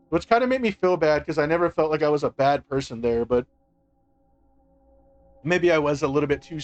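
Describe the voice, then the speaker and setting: A man on a live stream telling a personal story in a rambling, casual way, full of "like" and restarts and some swearing. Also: on the high side. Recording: faint music behind. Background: faint music.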